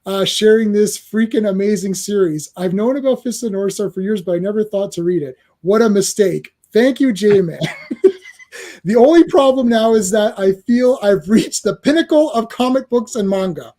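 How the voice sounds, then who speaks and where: A man hosting a comics podcast in casual chat, excitable and full of stammering restarts. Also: high voice, normal speed. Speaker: podcast host.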